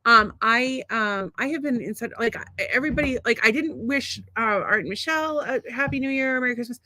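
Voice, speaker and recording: A woman's voice: fairly high pitch, a little fast, bright, forceful tone, slight background noise. A middle-aged woman co-hosting a casual podcast, reading out listener comments and rambling with many restarts. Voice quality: rambling, frequent restarts, laughs often. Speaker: podcast co-host.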